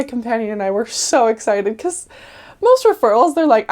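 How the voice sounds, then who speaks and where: A woman's voice: on the high side, lively intonation, a little fast. A young adult woman, a returned missionary, casually telling stories in a chatty way, full of "like" and laughs. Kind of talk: casual storytelling interview.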